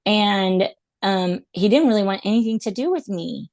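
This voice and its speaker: A woman's voice: mid-range voice, animated, moderate pace, darkish tone, dry recording. A woman in her thirties, a podcast guest, telling personal stories in an earnest, reflective way, with lots of "um" and "like" fillers. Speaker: podcast guest, animal intuitive. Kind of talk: casual storytelling interview.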